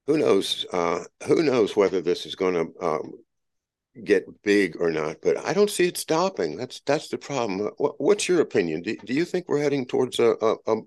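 Halting low-voiced man. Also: darkish tone. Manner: halting, repeats words. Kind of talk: casual conversation.

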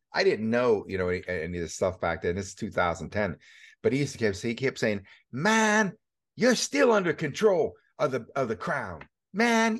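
Middle-aged man, host, lowish voice, animated, emphatic. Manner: animated, rising to emphatic peaks. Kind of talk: conversational interview.

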